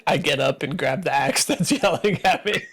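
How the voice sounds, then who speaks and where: A player in a tabletop game who talks slowly and giggles a lot. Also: mid-range voice, lively intonation, fairly bright tone, breathy edge. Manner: giggly, slow.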